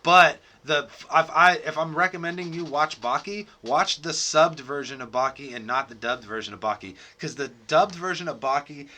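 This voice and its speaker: Bright-voiced excitable man. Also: a little high, moderate pace, few pauses, slight background noise. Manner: excitable, profane, slangy, acts out scenes with sound effects. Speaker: podcast co-host. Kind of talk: casual chat.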